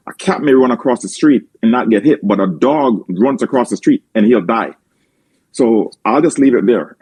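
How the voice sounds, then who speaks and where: A man's voice: medium pitch, animated, normal speed, darkish tone, breathy edge, no echo. A man with a Jamaican accent, making insistent points in a casual group call.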